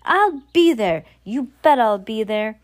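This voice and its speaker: A woman's voice: on the high side, animated, slow pace. A woman voicing a greedy, rude young boy in an eager, demanding way while reading a book aloud.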